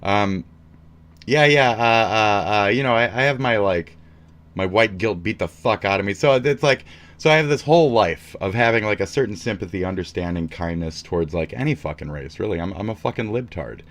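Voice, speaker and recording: A man's voice: on the low side, lively intonation, moderate pace, fairly bright tone. A man streaming live, ranting in a rambling, heated and profane way.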